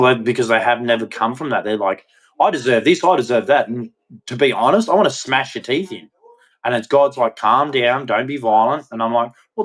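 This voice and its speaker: A man in a heated rant to camera, blunt and agitated, mocking others in a shrill voice and dropping to low muttering between outbursts.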